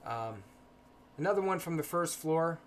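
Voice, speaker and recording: A man hosting a casual livestream, talking softly and hesitantly with frequent pauses and fillers, greeting chat viewers between stretches of explanation. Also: on the high side, animated, very noisy. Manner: soft-spoken, hesitant with many ums. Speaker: paranormal livestream host.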